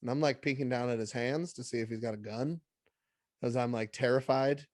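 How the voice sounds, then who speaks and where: A man in his thirties tells stories on a podcast with lively energy, slipping into the voices of the people he quotes. His voice sits at a middle pitch and sounds close and dry, with no room around it. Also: fairly quick, dry recording. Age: 30s. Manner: animated storyteller, jumps into quoted voices. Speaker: podcast co-host. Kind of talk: casual storytelling chat.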